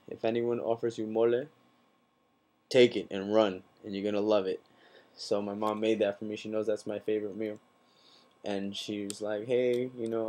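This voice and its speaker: Young guy vlogging, earnest, kinda dark mellow voice, lowish. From United States. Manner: earnest, repeats phrases for emphasis. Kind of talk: casual heartfelt talk to camera.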